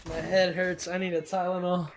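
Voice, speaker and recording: A woman casting an esports match, giggly in banter and energetic on the play-by-play. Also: on the low side, moderate pace, slight background noise. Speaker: esports caster.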